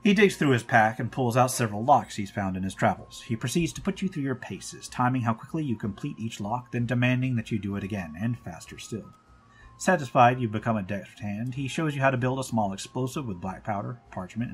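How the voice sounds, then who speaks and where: A man hosting a game playthrough who reads the on-screen text aloud and adds casual comments. His voice is mid-pitched. Faint music plays behind him. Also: expressive, fairly quick, breathy edge. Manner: casual reading with asides. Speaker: let's-play host.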